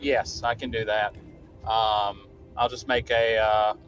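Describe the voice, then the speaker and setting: A man's voice: lowish voice, flat delivery, takes it slowly, a bit bright. Guy playing a tabletop game, lots of ums, faint music. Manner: hesitant, lots of fillers. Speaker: player. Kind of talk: tabletop game play over voice chat.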